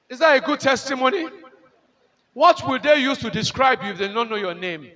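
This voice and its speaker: A Nigerian-accented man lectures in a very high, bright and forceful voice. He is emphatic, repeats his key lines slowly and keeps putting rhetorical questions to the audience. The sound is dull and lo-fi, like audio from an event video. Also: expressive. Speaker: conference lecturer. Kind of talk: motivational lecture to nurses.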